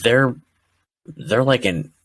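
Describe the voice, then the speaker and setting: A man's voice: medium pitch, slow pace. A man co-hosting a sports podcast, chatting casually and animatedly about football, often acting out fans' rants. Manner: animated, acts out fans' rants in quoted voices. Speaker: podcast co-host.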